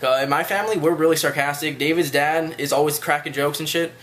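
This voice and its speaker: A man's voice: on the high side, steady tone, quick pace, a bit bright. Rambling young guy telling a story. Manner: rambling, loose, with frequent swearing. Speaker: vlogger. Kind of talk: casual storytelling rant.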